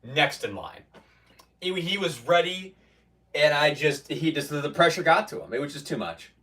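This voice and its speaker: Guy streaming a lift session, chatting with chat, lively up-and-down voice, kinda far from the mic. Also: on the high side, normal speed. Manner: rambling, restarts, mock-quotes chatters. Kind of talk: casual chat with stream viewers. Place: home gym in a basement.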